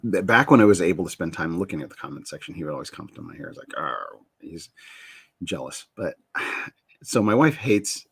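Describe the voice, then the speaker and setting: A man's voice: sits low, big pitch swings, fast, fairly bright tone, husky, no echo. A middle-aged man hosting a casual chat show, rambling and interrupting himself, often laughing at himself. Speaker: show host.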